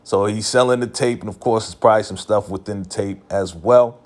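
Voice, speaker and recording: A man's voice: on the low side, a little fast, darkish tone. A man casually recapping a TV episode in a laid-back, slangy way, full of filler phrases.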